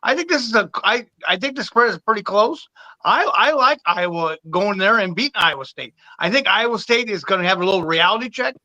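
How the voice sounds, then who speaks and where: High, bright-voiced man mulling football picks. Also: animated, a little fast. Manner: hesitant, repeats starts, chuckles. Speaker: podcast co-host giving picks. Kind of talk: casual sports chat.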